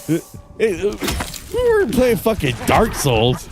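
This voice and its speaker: A man's voice: on the high side, very slow, noisy background. A man streaming who tells a story in a casual rant, swearing a lot and breaking into laughter often. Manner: profane, laughing often, animated.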